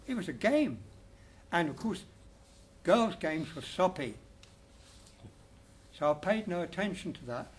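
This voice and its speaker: Wry older Englishman telling stories. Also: sits high. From England. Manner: wry, anecdotal, chatty with restarts. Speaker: speaker at a festival talk. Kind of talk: personal storytelling presentation. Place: lecture room.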